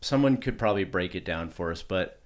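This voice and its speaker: A man with a fairly low voice talks through ideas on a relaxed podcast about art. He wanders, backtracks and restarts his sentences while thinking out loud. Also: a little fast. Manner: rambling, self-interrupting, with many restarts. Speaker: podcast co-host. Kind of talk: casual chat.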